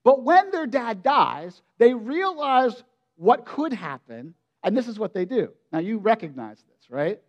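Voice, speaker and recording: Pastor, male, high-pitched, delivering a conversational, expressive sermon. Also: moderate pace. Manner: conversational, expressive preaching with direct questions to listeners.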